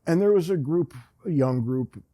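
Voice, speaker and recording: A man's voice: a little high, animated, normal speed, warm tone. A man hosting a podcast, telling a rambling, self-deprecating story in a casual, wry way. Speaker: podcast host.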